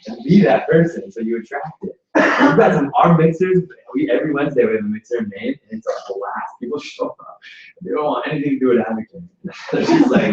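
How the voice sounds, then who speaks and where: A man giving an energetic, joking motivational talk to a group at a business mixer, heard from across an indoor event space. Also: mid-range voice. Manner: energetic, joking, quick asides. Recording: echoey room from far off, dull sound.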